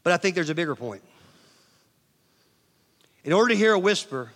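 A middle-aged male pastor preaching a sermon, swinging from loud emphasis to near-whispers and asking the audience questions. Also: sits high, animated, normal speed, pauses often. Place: large church hall. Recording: long church hall reverb.

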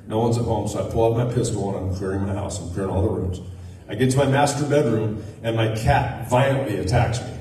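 A man's voice: lowish voice, warm tone, a little hiss or hum. A man delivering an earnest sermon to a church congregation, telling a story partway through. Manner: earnest preaching with a spoken anecdote. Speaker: guest preacher. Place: church sanctuary. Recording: echoey hall, miked from a distance.

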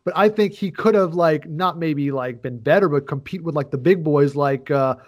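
A man's voice: on the high side, normal speed. A man co-hosting a casual podcast, rambling and joking through his points with many fillers and restarts. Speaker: podcast co-host. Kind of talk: casual chat.

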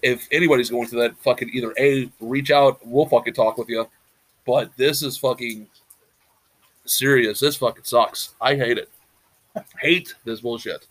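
A man's voice: mid-range voice, steady tone, normal speed, a bit bright. A man co-hosting a casual talk show, rambling and swearing bluntly. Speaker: podcast co-host. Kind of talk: casual chat.

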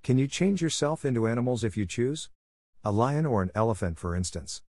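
A man's voice: medium pitch, expressive, fairly quick, a little mellow, no echo, voice pushed up. A man doing a clever, bold little cat. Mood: flattering. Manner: eager, pleading, commanding.

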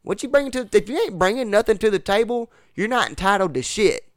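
A man's voice: sits high, expressive, fast talker, no room sound, studio quality. A man in a casual podcast chat, ranting bluntly and emphatically with plenty of profanity and rural slang. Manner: uses rural slang like ain't and y'all. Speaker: podcast guest.

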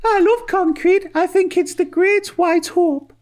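A man voicing a gushing female co-host in a shrill falsetto, cooing his lines. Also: unhurried, a little mellow.

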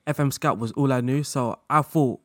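A man in a casual interview, speaking at a middle pitch in a relaxed, rambling way. He laughs often and strings thoughts together with fillers. The recording is close and dry. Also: normal speed, dry recording. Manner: relaxed, laughs often, loose run-on sentences with many fillers. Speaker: guest content creator.

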